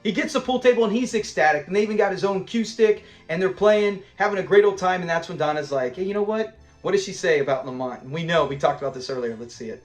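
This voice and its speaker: A man's voice: high-pitched, fast talker, hardly any pauses, faint music behind. A man hosting a casual episode breakdown, talking in an enthusiastic, rambling fan style. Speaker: host of a show-review channel.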